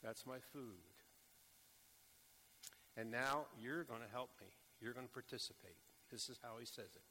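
A man preaching a sermon, speaking slowly and deliberately with bursts of urgent emphasis. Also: mid-range voice, bright, forceful tone, husky. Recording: echoey hall with long reverb.

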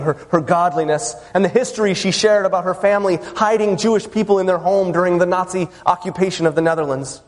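A man with a high, light voice preaches a sermon, earnest and deliberate, leaning on his pauses. His words ring out with a long reverb, as if spoken in a large hall. He addresses the listeners as friends. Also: a little mellow.

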